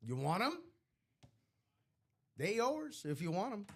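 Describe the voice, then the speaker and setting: Lively, animated man hosting a stream. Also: high-pitched, takes it slowly. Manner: chatty and animated, with slangy asides. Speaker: host of live sports memorabilia breaks. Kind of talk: casual live-stream chat.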